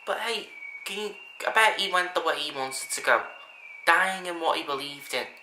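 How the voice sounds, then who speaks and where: A man's voice: a little high, expressive, normal speed. A man talking casually to camera, earnest and rambling, often restarting his sentences. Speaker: vlogger. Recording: echoey room with faint background hiss.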